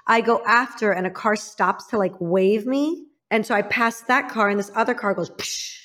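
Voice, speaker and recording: A woman's voice: medium pitch, moderate pace. Frank woman telling a painful story. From Illinois, United States. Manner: frank and emphatic, drops to a hushed voice for painful memories. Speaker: interview guest. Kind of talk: candid personal storytelling.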